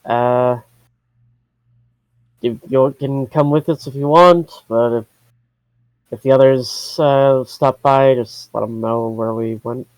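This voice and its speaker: An awkward silver dragon cleric stumbles slowly through his words, as a player voices him. The voice is plain and dry, close to the mic. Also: mid-range voice, fairly even intonation, a little mellow, dry recording, natural voice. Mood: hesitant. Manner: hesitant, halting.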